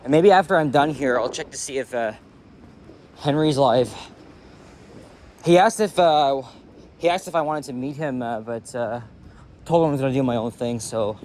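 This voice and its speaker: Filmed on a handheld camera mic as he strolls a city street at dawn, this Canadian vlogger narrates casually at normal speed, pausing at length. His voice is medium-pitched with a darkish tone. He rambles with lots of fillers and the odd curse, with faint outdoor street noise behind him.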